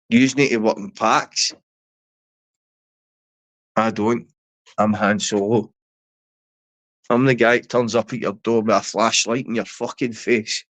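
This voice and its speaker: In a Glaswegian accent, a Scottish man rants at a rival on a livestream, aggressive, taunting and swearing throughout. His voice is mid-range, with no echo.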